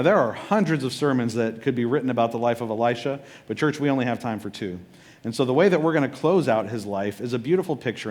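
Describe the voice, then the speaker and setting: A male pastor preaching, telling the story in a loose and humorous way, slipping in acted-out quotes along the way. His pitch sits at a middling male level, and his tone is easygoing and conversational. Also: darkish tone. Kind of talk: sermon.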